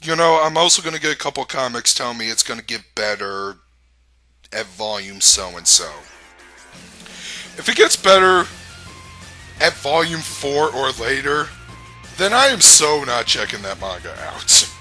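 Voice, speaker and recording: A man's voice: medium pitch, big pitch swings, unhurried, long pauses, sharp tone, soft background music, poor audio. A man giving a casual review rant, rambling, blunt and profane, with frequent restarts. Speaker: anime reviewer.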